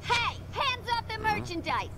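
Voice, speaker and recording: In this video game, a gleeful villain girl taunts in a very high, bouncy singsong that swings all over the place. She draws her words out slowly and mockingly. Loud noise sits under the game audio. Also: very animated, over a noisy crowd, exaggerated voice. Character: gleeful, taunting young female villain sidekick.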